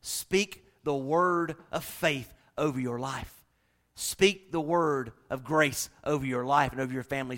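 High, bright-voiced preacher. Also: male voice. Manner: preaching with dramatic swings from hushed to shouting. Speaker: pastor. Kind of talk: sermon.

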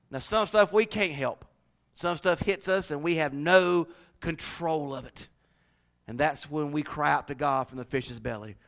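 A middle-aged male pastor preaching a sermon, swinging between shouted refrains and hushed, low passages. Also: measured pace, creaky.

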